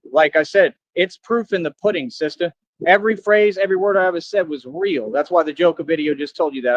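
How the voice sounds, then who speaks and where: A man's voice: a little high, no room sound, highs cut off. A man on a livestream, boasting and trash-talking his viewers in a brash, confrontational, slangy way.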